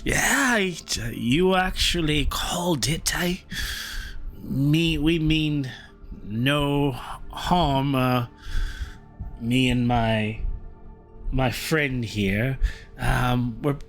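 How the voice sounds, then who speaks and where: A man's voice: mid-range voice, a bit bright, faint music behind. A man voicing a wheedling, polite male goblin wanderer who rambles and stammers. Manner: hesitant, rambling, halting.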